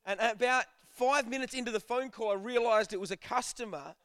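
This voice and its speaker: High-voiced, chatty man preaching. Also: brisk, a bit bright, smooth, dry recording, studio quality. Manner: chatty, jokey, acts out dialogue. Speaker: youth preacher. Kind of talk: casual storytelling sermon.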